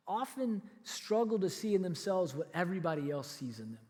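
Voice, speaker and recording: A man preaching a sermon as pastor, telling a story in an animated way and acting out what the people in it say. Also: sits high, a little fast, few pauses. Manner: animated storytelling, acts out quoted lines. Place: church auditorium. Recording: reverberant church hall.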